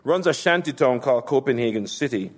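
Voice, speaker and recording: A man's voice: mid-range voice, animated, brisk, breathy edge, big-room sound. A man casually presenting a novel reading in a loose, chatty way with fillers.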